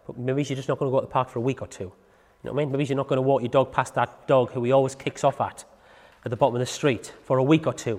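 A man teaches dog owners in quick, tumbling speech, chatty and animated, with a slightly raised voice. His voice carries a long reverb from the room. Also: on the high side. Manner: chatty, animated, self-styled clown, repeats "you know what I mean". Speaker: dog trainer. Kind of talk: informal teaching talk.

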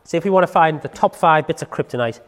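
A man's voice: fairly high pitch, quick pace, long reverb tail. A man, a dog trainer explaining in a casual chatty way, full of tag questions. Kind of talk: casual instructional talk to camera.

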